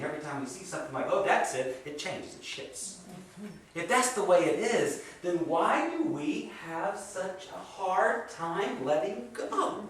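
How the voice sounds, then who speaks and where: Man preaching in a very echoey hall. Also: fairly high pitch. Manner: expressive, swinging between hushed and emphatic. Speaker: guest speaker at a spiritual center. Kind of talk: sermon with guided meditation. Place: meeting hall of a spiritual center. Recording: echoey hall from far off, faint noise.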